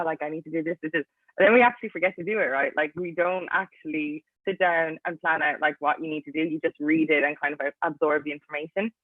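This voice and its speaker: A woman's voice: low voice, no room sound. Chatty Irish woman on a tinny line. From Ireland. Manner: chatty, fills talk with "like". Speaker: athlete guest. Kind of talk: casual interview answers. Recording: tinny, dry, phone-like line.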